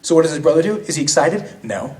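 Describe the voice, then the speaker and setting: A man's voice: a little high, expressive, fast talker, a little mellow. A young man preaching a sermon in a casual, slangy way, retelling a story with frequent restarts in a church. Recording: voice from a distance.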